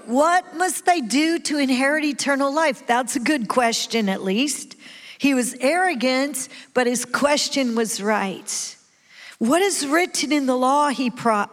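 High-voiced woman preaching in a hall. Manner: animated, calls out to the audience. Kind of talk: sermon. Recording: long hall reverb.

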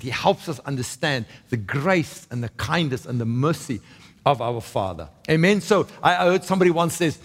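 Speaking at a moderate pace with lively intonation, this pastor has a fairly high voice that carries a big-room sound. His sermon feels like conversation, peppered with "right?" check-ins and sentences he starts over.

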